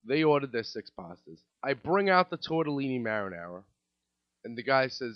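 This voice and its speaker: A man's voice: mid-range voice, animated, normal speed, smooth, dry recording. A man in his thirties, a podcast host telling comedic stories in a profane, exasperated rant. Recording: dull lo-fi, dry.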